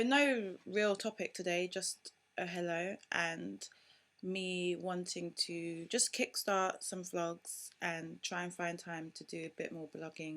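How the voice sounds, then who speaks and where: A young woman, a mother vlogging to camera in casual, outspoken and animated talk. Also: lowish voice, vocal fry. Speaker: parenting vlogger.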